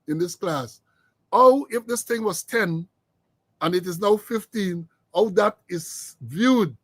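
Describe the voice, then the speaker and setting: Sarcastic Guyanese man, high voice. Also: a bit bright, dry recording. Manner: sarcastic, mocking. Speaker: host. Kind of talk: political commentary chat.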